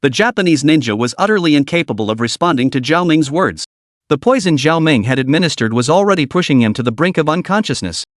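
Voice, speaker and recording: A man's voice: a little high, lively intonation, quick pace, no echo, clean studio sound. A man narrating a comic recap as a dramatic scripted story.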